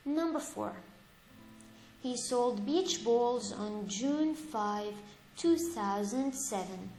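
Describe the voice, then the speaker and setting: A woman teaching an English grammar lesson, reading example sentences aloud slowly and patiently, and correcting her own slips. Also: a little high, expressive, darkish tone. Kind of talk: slow, deliberate lesson for young learners. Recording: echoey room with faint music.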